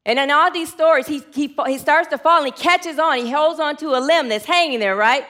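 A woman preaching a sermon in a lively, conversational way, telling a comic story. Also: high voice, fairly quick.

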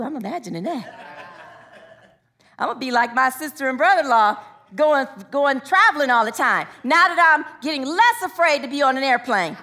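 A woman delivers a sermon in a high, bright voice. She moves between personal storytelling and calling out to the congregation, asking them to answer back. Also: expressive, moderate pace. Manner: call-and-response with the congregation. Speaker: preacher.

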